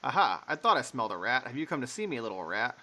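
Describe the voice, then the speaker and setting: A man's voice: medium pitch, big pitch swings, fast, sharp tone. A man voicing a cruel, unhinged young woman who taunts her brother in a game. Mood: taunting. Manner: taunting, mocking.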